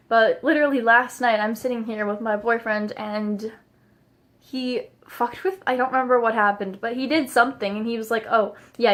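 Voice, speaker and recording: Rambling young woman vlogger. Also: a little high. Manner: rambling, laughs often, swears casually. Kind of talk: casual facts-about-me vlog.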